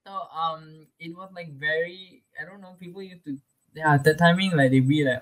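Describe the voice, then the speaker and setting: A man's voice: fairly high pitch, normal speed, a bit bright, low-quality recording. A young man telling his own story in a casual interview, chatty and full of "like" fillers, laughing often.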